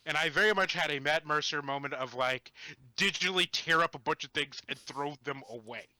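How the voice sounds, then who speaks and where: A man with a bright, tense voice tells a tabletop game story as a podcast guest. He talks in an animated, rambling way, restarting his sentences. The sound is close and very dry. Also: on the high side, a little fast, no room sound. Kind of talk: casual storytelling chat.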